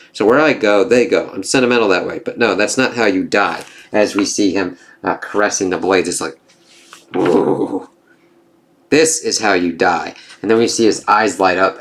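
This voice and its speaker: A man with a somewhat low, slightly bright voice casually reviews a comic book, reading dialogue aloud and reacting quickly, swearing often.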